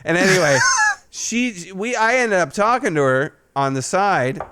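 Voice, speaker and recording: A man hosting a podcast and telling a long story in casual chat. He swears freely and jumps to a loud, high voice when he quotes himself. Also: expressive, measured pace, slight background noise. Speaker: podcast host.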